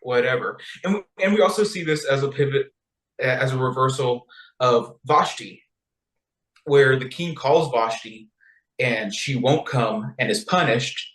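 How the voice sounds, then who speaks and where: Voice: medium pitch, a little slow, a bit bright, echoey room, rough recording. A podcast co-host retelling a text in a playful, chatty way and laughing often. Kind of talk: casual chat, retelling a text.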